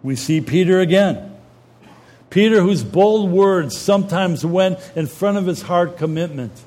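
A man preaching a sermon, retelling scripture in a lively, colloquial storytelling way. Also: high voice, measured pace.

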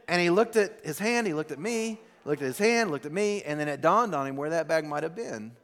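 A man preaching a sermon as pastor, telling a story with animated bursts that drop to a hushed, slow delivery. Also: on the high side, big-room sound.

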